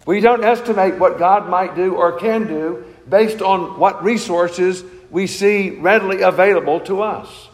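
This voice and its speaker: A man's voice: high voice, measured pace, hardly any pauses, big-room sound, poor audio. A man preaching a sermon in an earnest, emphatic way, asking rhetorical questions. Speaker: pastor.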